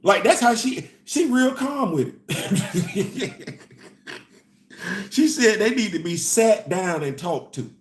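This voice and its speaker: The host, an animated man whose voice sits somewhat high for a man, takes his casual commentary slowly and pauses often. He circles back to the same phrases, laughs now and then, and the sound rings around an echoey room.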